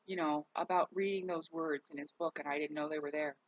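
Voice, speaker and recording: A woman's voice: low voice, fairly even intonation, a little fast, no room sound, highs cut off. Rambling, tired woman vlogger. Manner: rambling, candid, swears. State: worn out, recovering. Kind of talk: casual spiritual vlog.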